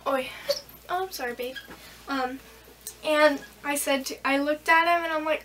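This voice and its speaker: A woman's voice: sits high, steady tone, normal speed, fairly bright tone, recorded from a distance, low-quality recording. A teenage girl vlogging a casual storytime, rambling and giggly with lots of fillers.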